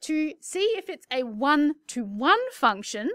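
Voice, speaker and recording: A woman's voice: high voice, very animated, takes it slowly, a bit bright, dry recording. A woman teaching maths in a recorded lesson, playful and chatty with jokey asides.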